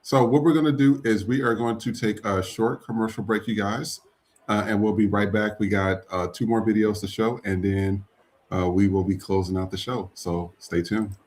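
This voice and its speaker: A man hosting a podcast in relaxed, chatty casual talk, leading into breaks. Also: lowish voice, moderate pace. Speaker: podcast host.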